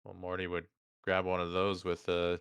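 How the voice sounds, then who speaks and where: A man's voice: low voice, monotone, normal speed, vocal fry, a bit bright, clean tone, dry recording. A man chatting casually as a player in a tabletop game, laid-back and offhand.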